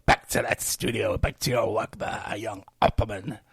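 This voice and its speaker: A man's voice: on the low side, fairly even intonation, moderate pace, vocal fry, a bit bright, breathy edge, no echo, studio quality, pitched below the performer's own voice, full character voice. A man voicing a stern male headmaster who speaks curtly and commandingly. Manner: curt and commanding. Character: stern strict male headmaster scolding a boy.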